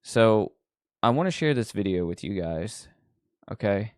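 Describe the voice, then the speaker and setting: A man with a lowish, smooth voice hosting a livestream, rambling along in casual chat with plenty of ums and likes. His sound is dry and close. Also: expressive, measured pace, dry recording. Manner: rambling, lots of um and like. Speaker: livestream host.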